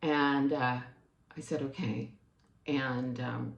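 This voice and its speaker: A woman vlogger earnestly telling a personal story to the camera, growing emotional and rising in pitch as she gets upset. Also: measured pace, gravelly, darkish tone, reverberant.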